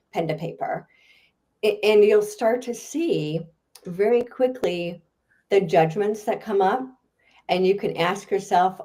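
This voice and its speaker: Laughing often, a woman guest author and speaker gives animated, chatty answers during a podcast interview. Her pitch is on the fairly low side.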